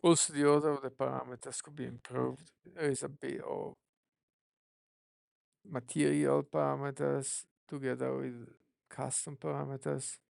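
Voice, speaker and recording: Very gravelly voice thinking aloud while coding. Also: mid-range voice, level tone, darkish tone, dry recording, studio quality. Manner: musing, self-questioning, unhurried. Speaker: app developer streaming live.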